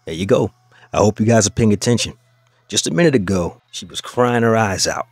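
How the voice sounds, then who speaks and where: Male reaction-channel host, lowish voice, sneering tone toward the clips he plays, faint music bed. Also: lively intonation, a little fast, no echo. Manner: mocking, addresses listeners as "fellas". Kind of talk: reaction commentary.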